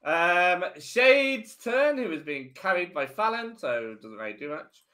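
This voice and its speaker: A man narrating a tabletop game as game master, relaxed and often laughing. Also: high voice, unhurried. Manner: relaxed, laughing, many fillers.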